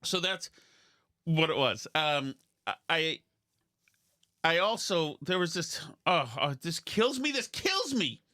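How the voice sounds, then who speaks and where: Man, podcast host, bright tense voice, dry close sound, rambling self-mocking chat. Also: a little high, very animated, slow, pauses often, dry recording. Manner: rambling, self-deprecating, with many restarts. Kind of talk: casual comedic chat.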